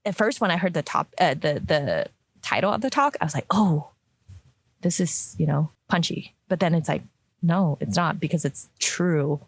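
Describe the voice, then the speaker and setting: A woman's voice: sits low, lively intonation, normal speed, slightly rough, no echo. A woman, a product designer, talking casually in a discussion, with lots of fillers and restarts. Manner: chatty, many fillers and restarts.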